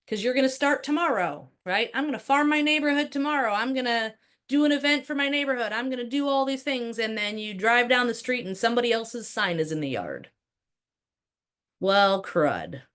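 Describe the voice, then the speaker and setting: A real estate trainer with a medium-pitched voice leads a live workshop, talking in a lively, conversational style peppered with rhetorical questions.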